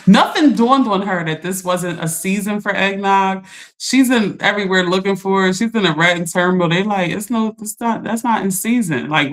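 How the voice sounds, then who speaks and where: A woman's voice: mid-range voice, a bit bright. A middle-aged woman, chatting on a livestream and reading viewer comments, laughing and teasing. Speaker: livestream host.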